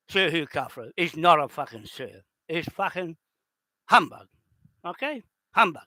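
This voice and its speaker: A man in an unscripted rant, heated and accusatory, swearing and often shouting. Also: a little high, lively intonation, measured pace, pauses often, no room sound. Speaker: video host.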